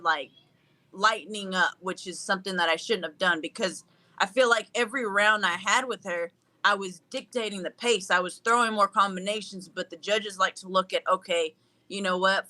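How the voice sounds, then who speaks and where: Bright-voiced young woman, upbeat and goofy. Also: mid-range voice. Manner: upbeat and goofy, laughs often. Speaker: guest fighter. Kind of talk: casual interview chat.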